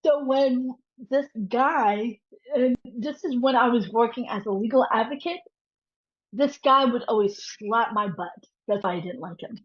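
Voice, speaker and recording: Her voice is on the high side and unhurried as she guests on an interview show, spinning a tale and bringing its people to life by imitating how they spoke. Sound quality is dull lo-fi.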